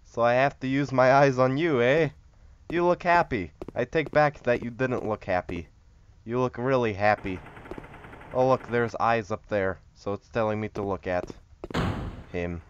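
A man's voice: medium pitch, unhurried, lo-fi sound, slight background noise. A man giving casual, joking commentary while playing a horror game, rambling and chatting to the things on screen. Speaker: horror game let's-player.

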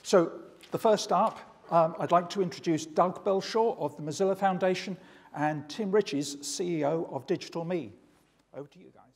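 A man chairing a conference session and introducing the speakers in a measured, slightly hesitant way. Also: high-pitched, vocal fry, a little mellow. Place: conference hall. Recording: long reverb of a large hall.

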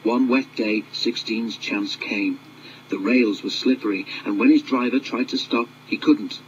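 A man narrating a children's railway storybook in a measured, expressive reading. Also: medium pitch, dull audio, a little hiss or hum.

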